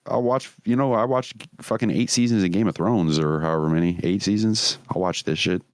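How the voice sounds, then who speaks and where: Low-voiced, profane podcast host. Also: male voice, a little fast, no room sound, clean studio sound. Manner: profane, laughing, rambling. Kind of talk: casual chat.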